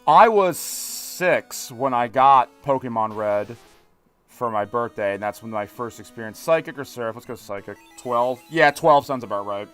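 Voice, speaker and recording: A man's voice: medium pitch, lively intonation, unhurried, a bit bright, faint music behind. A man in his thirties streaming a game, chatting in a loose, rambling way full of restarts. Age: 30s. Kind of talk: casual let's-play chat.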